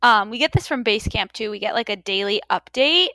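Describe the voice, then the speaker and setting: A woman's voice: mid-range voice, lively intonation, fairly quick, pushed and bright, dry recording. A woman co-hosting a podcast, upbeat and chatty with many fillers. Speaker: podcast co-host. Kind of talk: casual chat.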